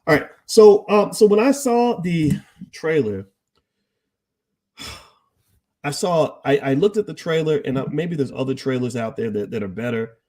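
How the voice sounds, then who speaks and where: A man's voice: fairly high pitch, expressive, a little slow, long pauses, warm tone. A man hosting a live stream, talking emphatically to his chat audience and firing off rhetorical questions.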